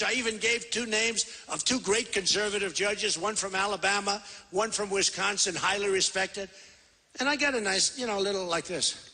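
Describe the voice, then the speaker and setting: A man's voice: high-pitched, normal speed, vocal fry, bright, forceful tone. Boastful rambling man in his sixties. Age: 60s. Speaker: presidential candidate. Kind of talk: campaign rally speech. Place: large convention center hall. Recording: reverberant hall PA sound.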